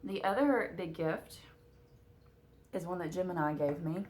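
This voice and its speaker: A woman's voice: lowish voice, measured pace, long pauses, a little mellow. A woman vlogger chatting casually to camera at home, with many fillers and a touch of hiccups. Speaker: cross-stitch vlogger.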